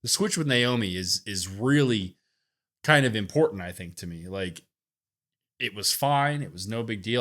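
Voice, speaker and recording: A man co-hosting a podcast, giving relaxed opinions on a wrestling show in casual chat. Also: lowish voice, normal speed. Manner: relaxed, thinking aloud with fillers.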